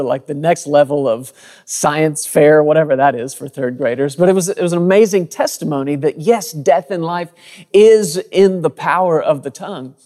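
A man's voice: a little high, darkish tone. Earnest thirties man preaching in a reverberant hall. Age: 30s. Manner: earnest, conversational preaching with frequent word repeats. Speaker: pastor. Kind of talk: sermon.

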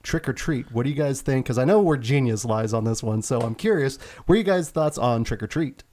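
A man hosts a relaxed podcast chat with a mid-range voice. He keeps the talk moving and puts questions to the panel. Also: medium pitch, brisk. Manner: moderating, asks the panel questions. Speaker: podcast host. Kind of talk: casual podcast discussion.

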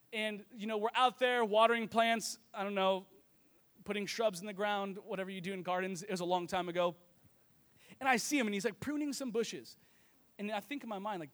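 A man preaching a lively sermon to a congregation, telling funny stories. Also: sits high, brisk. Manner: energetic, joking storyteller. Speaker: pastor. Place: church service with congregation.

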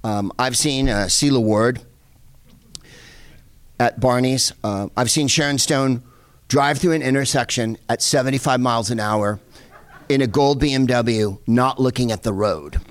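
A middle-aged man casually telling a lively anecdote, full of asides and the odd curse. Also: mid-range voice, a little slow. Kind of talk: casual storytelling.

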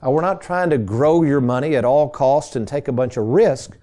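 A man's voice: medium pitch, moderate pace, mellow. A middle-aged man hosting a financial radio show, telling stories in a folksy, chatty way and calling his listeners folks. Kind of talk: casual storytelling on a radio show.

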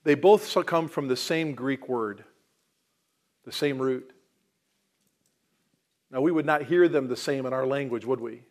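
A male pastor preaching a sermon in a mid-range voice. He booms out key lines with emphasis, then drops to soft, close asides. He keeps turning to the congregation with rhetorical questions. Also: measured pace, pauses often.

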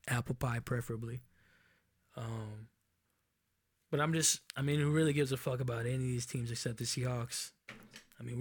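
A man's voice: medium pitch, darkish tone, no room sound. A young man hosting a casual sports podcast, rambling through standings in a loose, profane way and correcting himself as he goes. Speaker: podcast host. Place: Enumclaw, Washington.

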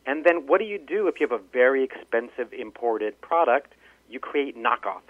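A man's voice: medium pitch, moderate pace, no room sound. Man explaining over a tinny phone line. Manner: storytelling, many restarts. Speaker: author and linguist guest. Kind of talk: phone-in interview. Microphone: telephone.

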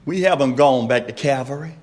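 A man preaching a sermon, slow and emphatic, repeating his refrains and rising to shouts. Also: mid-range voice.

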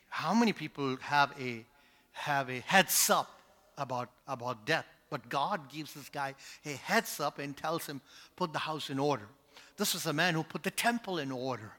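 A man preaching a sermon, swinging between loud shouted climaxes and hushed whispers, often repeating "praise God" and asking the crowd questions. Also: fairly high pitch. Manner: peppers speech with "praise God" and call-and-response questions. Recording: long hall reverb.

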